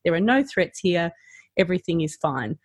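Woman, practitioner trainer, casual chat, animated, lowish voice, dry close sound. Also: normal speed, breathy edge, no echo.

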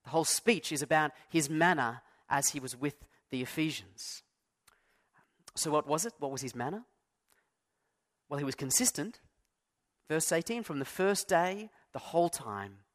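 A man preaches to his church in an easy, conversational way. He pokes fun at himself and leans hard on key words for emphasis. His voice sits a touch higher than most men's. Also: expressive, normal speed, pauses often, a bit bright. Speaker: pastor. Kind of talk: sermon.

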